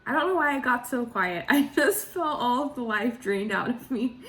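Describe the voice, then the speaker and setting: A woman's voice: a little high, expressive, moderate pace, fairly bright tone. A woman vlogger in casual reaction commentary, laughing often and trailing off mid-thought.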